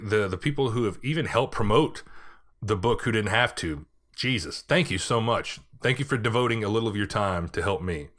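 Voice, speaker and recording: A man's voice: fairly low pitch, a bit bright. A man hosting a casual solo podcast, talking in a joking, rambling way and swearing now and then. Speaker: podcast host.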